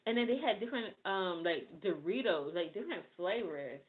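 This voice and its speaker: A woman chatting casually with her livestream viewers, excitable and thinking out loud. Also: mid-range voice, normal speed. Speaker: livestream host. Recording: tinny phone-like audio.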